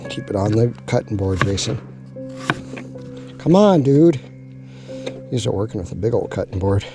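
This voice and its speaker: Cooking at an outdoor camp spot, a vlogger talks casually and jokingly, half to himself, as he works. His fairly low, creaky voice keeps a steady tone and moves at a quick pace. Music plays in the background.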